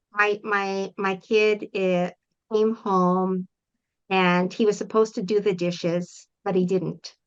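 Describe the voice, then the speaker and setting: Middle-aged woman, parent coach guest; bright, firm tone, earnest explainer, slightly muffled lo-fi sound. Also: mid-range voice. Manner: earnest, explains with frequent check-in questions. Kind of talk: interview guest.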